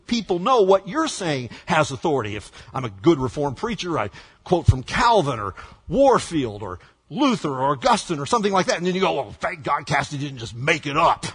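A male pastor preaching a sermon with dramatic swings from hushed words to shouts. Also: high-pitched, husky, long reverb tail.

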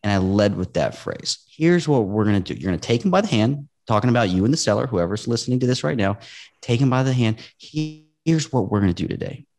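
A man's voice: mid-range voice, brisk, faint music behind. A man talking casually on a podcast as a real estate investor guest, telling stories earnestly and acting out the quotes. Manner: earnest, animated storytelling with acted-out quotes.

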